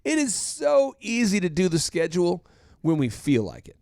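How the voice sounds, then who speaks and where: A man's voice: sits high, wildly swooping pitch, normal speed, gravelly, a little mellow, no room sound, studio quality. A man hosting a business coaching podcast, joking and acting out little scenes while fighting a cold. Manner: jokey, acts out little scenes in put-on voices. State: has a cold. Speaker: podcast host. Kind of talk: animated business coaching chat.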